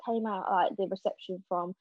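A young woman chatting casually as a podcast guest, telling animated stories and acting out what people said. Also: medium pitch, moderate pace, no echo. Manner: animated storyteller, acting out quotes. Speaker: podcast guest, stage actress. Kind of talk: casual chat. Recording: dull lo-fi sound.

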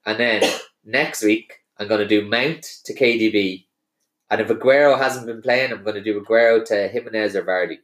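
A man's voice: fairly low pitch, moderate pace. A man hosting a casual football podcast, steering the talk and reading out listener questions. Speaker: podcast host. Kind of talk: casual sports podcast chat. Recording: roomy echo.

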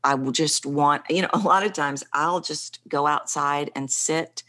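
A woman's voice: deep voice, unhurried, a bit bright. A middle-aged woman speaking coach, talking animatedly in an interview and shifting her pace for emphasis. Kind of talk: conversational interview.

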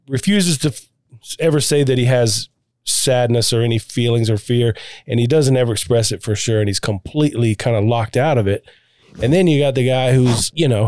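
A man's voice: medium pitch, darkish tone, no echo, clean studio sound. A man hosting a casual podcast conversation, reflective and thinking aloud, with frequent restarts. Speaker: podcast host, coach to clients.

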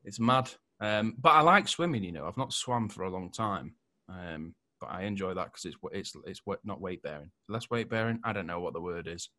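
A man's voice: deep voice, expressive, brisk, bright, forceful tone, no echo. A man hosting a podcast in casual chat, rambling, laughing often and swearing freely. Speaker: podcast host.

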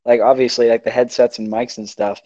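A young man from Canada telling a work story in casual chat, animated and swearing, mimicking customers. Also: mid-range voice, brisk, dry recording, highs cut off. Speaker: friend in group chat.

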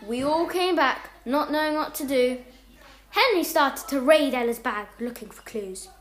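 Bright-voiced woman reading a story, echoey room. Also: a little slow. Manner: animated, jumps up in pitch and loudness for dialogue. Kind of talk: reading a homemade story aloud.

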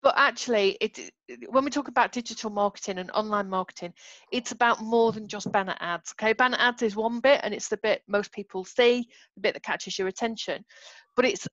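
A woman's voice: medium pitch, a bit bright, no room sound, highs cut off. A woman co-hosting a podcast who explains patiently in a casual chat and laughs often. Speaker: podcast co-host, marketing expert.

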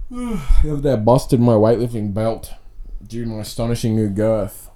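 A man hosting a solo comedy podcast, rambling and self-mocking in a deadpan way. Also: on the low side. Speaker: podcast host. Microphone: podcast mic.

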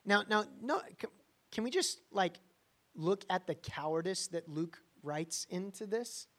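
The sermon comes from a man whose voice sits high and a bit bright, his delivery unhurried. He talks to the listeners conversationally and with emphasis, often asking "right?"

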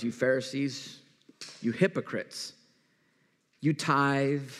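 A man's voice: fairly high pitch, a bit bright, in a large hall. A man preaching a sermon as pastor, talking in a conversational way with everyday examples and questions to the kids in the room.

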